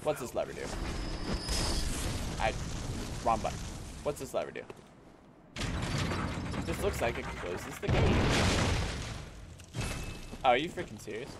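A man streaming himself playing a video game, reacting out loud as he goes. His voice is animated and swings all over the place, dropping to quiet mutters and then jumping to loud shouts and curses at enemies. A clear layer of noise sits under the recording. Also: mid-range voice, measured pace, pauses often. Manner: excitable, swears and shouts at enemies. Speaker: gaming streamer. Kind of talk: live gameplay commentary.

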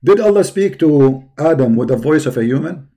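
A man with an Arabic accent argues as a debate host, pressing his point and cutting in again and again. His voice sits fairly high but sounds dark and mellow. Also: animated, moderate pace. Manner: insistent, repeats "no, no, no". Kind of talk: religious debate call.

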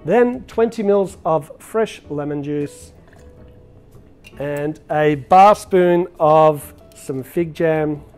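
A man's voice: on the high side, extremely slow, darkish tone, faint music behind. A man hosting a cocktail demonstration as a bartender, talking in a chatty, upbeat way with frequent filler words. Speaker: bartender and show host.

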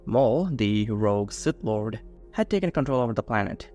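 A man's voice: fairly low pitch, expressive, moderate pace, darkish tone. A man narrating a science-fiction fan-fiction story in a scripted, dramatic storytelling manner. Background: faint music.

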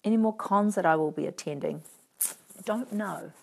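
Kiwi woman doing a live fan q&a, low voice with a gravelly edge, wry and teasing. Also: normal speed. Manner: chatty, wry and playfully teasing. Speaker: actress answering fan questions. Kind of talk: casual live video Q&A reading out comments.

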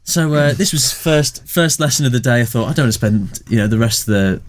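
A man's voice: mid-range voice, lively intonation, fairly quick, slight background noise. A young man hosting a comedy podcast, telling a self-mocking story and laughing through it. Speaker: podcast host.

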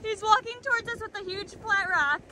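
A woman's voice: very high-pitched, fairly quick, noisy background. A woman vlogging outdoors on a rocky ocean beach, gushing to viewers as "you guys". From United States. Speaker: vlogger and rockhound. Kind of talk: casual vlog talk to viewers.

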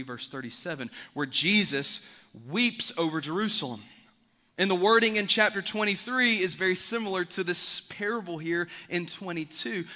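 A man preaching a sermon as pastor, swinging from loud emphatic highs to quiet low drops. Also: in a large hall. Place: large church sanctuary.

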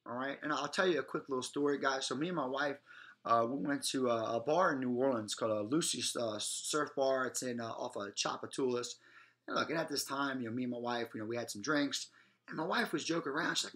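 A man leads a self-defense class in a bright, forceful voice at an ordinary pitch. He talks emphatically and keeps checking that his listeners are following along. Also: a little fast. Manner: emphatic, often checks in with "all right?" and "guys". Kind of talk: instructional presentation.

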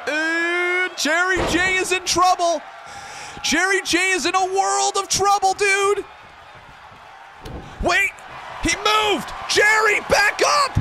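A man hosting a live stream, calling a simulated wrestling match play-by-play from his desk in an excitable, shouting manner. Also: very high-pitched, background noise. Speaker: streamer and host of the series.

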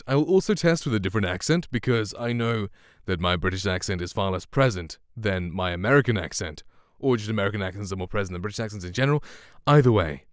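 A man around twenty, a streamer and voice actor, reviewing a microphone in a relaxed, rambling, soft-spoken way, close to a studio condenser mic. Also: fairly low pitch, no room sound. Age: 20s.

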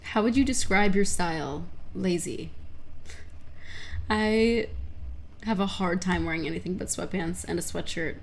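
Chatty young woman with a gravelly edge. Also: fairly low pitch, unhurried, long pauses, a little hiss or hum. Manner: chatty, excitable, swears casually. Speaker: livestreamer answering chat questions. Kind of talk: casual chat.

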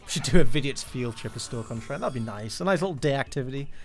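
A man's voice: mid-range voice, expressive, quick pace, faint music behind. A man giving a live, joking, swear-filled running commentary as he streams a game.

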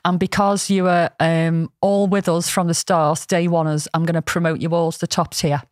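A woman's voice: on the low side, level tone, moderate pace, no echo, studio quality. A woman with a Scouse accent hosting a podcast, chatting and telling stories with frequent laughs. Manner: chatty storyteller, laughs often. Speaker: podcast host. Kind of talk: casual chat.

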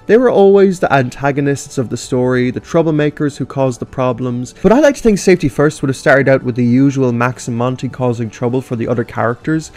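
A man reading children's story outlines aloud, then giving his frank, casual opinions on them with mild swearing. His voice sits at a middling pitch. Faint music plays behind. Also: brisk, few pauses, a little mellow. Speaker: YouTube commentator.

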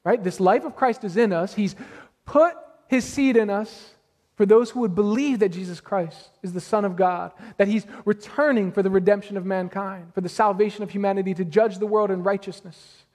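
A man preaching a sermon as pastor, animated and full of rhetorical questions to the congregation. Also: sits high, normal speed. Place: church sanctuary. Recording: long hall reverb.

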